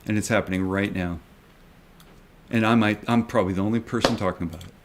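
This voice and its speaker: A man's voice: fairly low pitch, steady tone, fast, noisy background. A man who invests in stocks, talking to his viewers in a video. He rants emphatically, repeats himself and swears often. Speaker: retail stock investor vlogger. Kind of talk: ranting video commentary.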